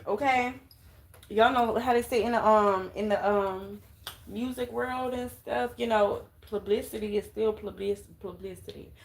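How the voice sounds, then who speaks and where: A woman giving a casual tarot reading to viewers, coaxing and emphatic, dotting her talk with "okay?". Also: medium pitch. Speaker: tarot reader.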